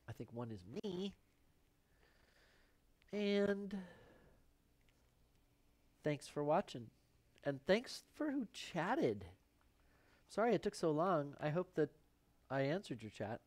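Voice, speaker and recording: A man's voice: on the high side, sing-song, slow pace, pauses often, a little mellow. A man hosting a live painting stream on a lavalier mic, playful, muttering to himself and drifting into whispers. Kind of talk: live painting demonstration chat. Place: painting studio. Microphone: lavalier microphone.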